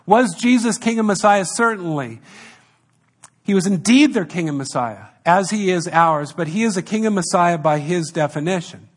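A man delivering a sermon, leaning hard on repeated phrases and dropping into the voices of the people in the story he retells. His voice sits a little higher than most men's. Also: animated, moderate pace. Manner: emphatic, repeats key phrases, acts out quoted dialogue. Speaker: pastor.

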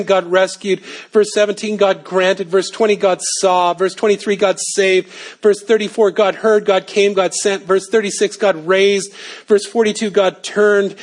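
A man with a high, light voice preaching a sermon. He builds to emphatic peaks and then drops to quiet, low asides. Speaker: pastor.

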